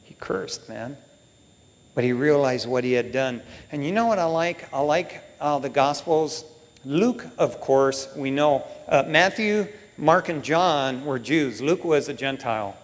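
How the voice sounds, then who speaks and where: A man preaching a sermon in a casual, animated way with lots of slang. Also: medium pitch, a little slow, long reverb tail.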